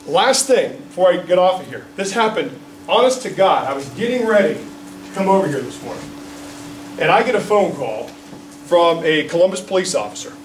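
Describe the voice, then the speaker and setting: A fairly high-voiced man, a political candidate, gives an indignant, storytelling speech at a press conference and keeps checking in with the crowd. His voice reaches the microphone from a distance, and a roomy echo and faint background hum are clear behind him. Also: very animated, normal speed.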